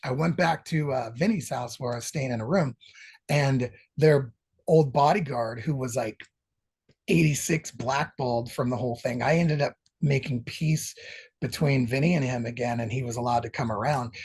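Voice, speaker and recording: A man's voice: medium pitch, normal speed, breathy edge. A middle-aged man telling rambling, profanity-laced stories as a podcast interview guest. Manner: profane, rambling, animated storytelling. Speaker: guest musician. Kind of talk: casual storytelling interview.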